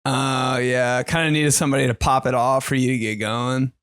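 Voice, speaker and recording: A man co-hosting a podcast, telling animated stories in casual chat and saying "like" constantly. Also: mid-range voice, moderate pace, smooth, no echo, studio quality. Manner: animated storyteller, heavy use of "like". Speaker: podcast co-host.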